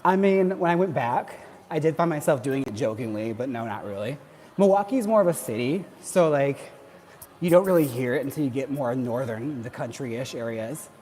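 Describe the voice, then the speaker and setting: A man's voice: mid-range voice, lively intonation, moderate pace, darkish tone, a little hiss or hum. A man, from Wisconsin, chatting and joking casually on a livestream while doing cardio. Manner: chatty, joking, laughs often. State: working out on cardio. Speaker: livestream host. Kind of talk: casual chat while exercising.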